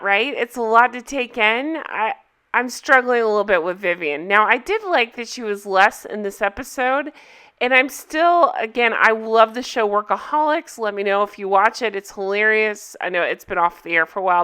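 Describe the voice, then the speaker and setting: Woman vlogger, TV reviews, casual to-camera chat; bright and crisp, expressive, laughs easily. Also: medium pitch. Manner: chatty and expressive, laughs often.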